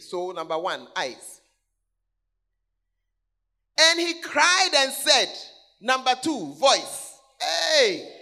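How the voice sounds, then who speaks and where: A high-voiced man preaching in a large church hall, his pitch leaping all over as he calls out to the congregation. His bright, sharp tone cuts through as he repeats key words, swinging between loud exclamations and low asides. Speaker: pastor. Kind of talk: sermon.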